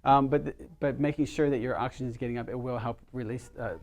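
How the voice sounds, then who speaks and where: A man's voice: mid-range voice, steady tone, fast talker, darkish tone, lo-fi sound, slight background noise. A middle-aged man, a chiropractor, giving a casual workshop talk to a small group, telling stories and asking the audience questions. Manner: chatty, storytelling, asks the audience questions.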